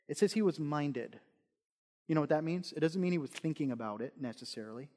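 A man preaching a sermon as pastor, swinging between emphatic, repeated points and quiet conversational asides. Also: fairly high pitch, lively intonation, brisk. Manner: repeats key phrases for stress. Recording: long reverb in a large hall.

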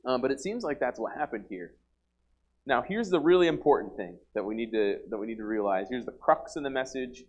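A man's voice: mid-range voice, animated, a little fast, dull audio. Earnest man preaching, with frequent restarts. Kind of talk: sermon.

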